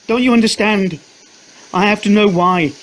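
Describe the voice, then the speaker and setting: A man voicing a distraught young wife who screams and yells in fury. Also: normal speed, slight background noise, low-quality recording. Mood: desperate. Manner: shrill screaming and yelling.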